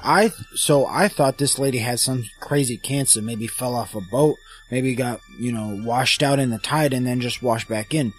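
Man player, husky voice, quick questioning, interrupts often, faint music. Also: medium pitch, rough recording. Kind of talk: casual tabletop play.

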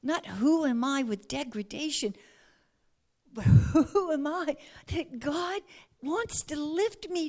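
High-voiced woman preaching in unhurried tones. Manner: earnest, often dropping to a hushed near-whisper. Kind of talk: sermon.

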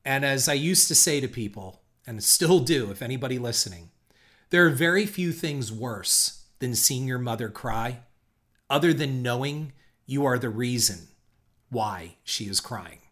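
A middle-aged man tells a story from his own life on his podcast, candid and reflective. He curses now and then. His voice is bright and forward, with a pitch that sits in the middle. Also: lively intonation, a little slow. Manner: candid, reflective, occasional swearing. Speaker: podcast host. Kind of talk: personal storytelling monologue.

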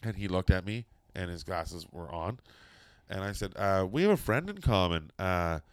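Brief: middle-aged man, low smooth voice, dry close sound, swears freely while spinning a story. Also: normal speed, dry recording. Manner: profane, animated storytelling with quoted voices. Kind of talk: casual anecdote telling.

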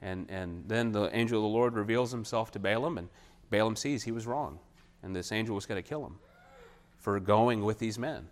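During a sermon, a man retells a Bible story, acting out the characters' lines in a raised, animated voice. He speaks at a normal speed with a fairly low pitch.

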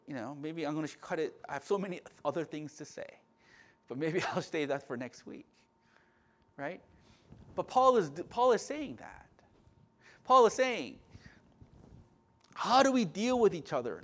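Fervent preacher with a high-pitched voice. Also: male voice. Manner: impassioned, swinging between loud emphasis and quiet asides; frequent restarts and repeated words. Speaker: pastor. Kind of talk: sermon.

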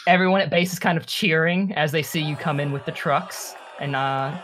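Woman, game master, low voice, loose narration with fillers. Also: normal speed, noisy background.

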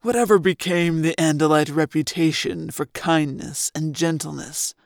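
Reader playing a loud, sneering alien officer, barked orders, gravelly, a bit off-mic. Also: medium pitch, lively intonation, measured pace, slight background noise. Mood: mocking. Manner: barking, mocking. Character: arrogant alien parasite officer in a host body. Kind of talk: audiobook reading.

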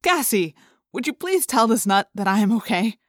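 A woman's voice: fairly high pitch, very animated, normal speed, dry recording, studio quality. Woman voicing a parasite faking a teen boy. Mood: protesting. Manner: insistent, falsely innocent. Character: alien parasite posing as a teenage boy.

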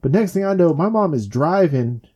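A young man chatting casually, telling a story with lively acted-out quotes. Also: fairly high pitch, moderate pace, husky. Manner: animated storyteller acting out quotes. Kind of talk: casual chat.

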